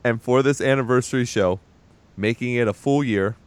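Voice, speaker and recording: A man's voice: medium pitch, moderate pace, a little hiss or hum. A man hosting a casual podcast, joking around and laughing often with his co-hosts. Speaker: podcast host. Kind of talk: casual chat.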